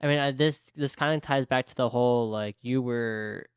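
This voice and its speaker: Smooth-voiced podcast host reacting. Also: male voice, mid-range voice, normal speed, no echo, clean studio sound. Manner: supportive backchannels, jokey reactions. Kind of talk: casual interview.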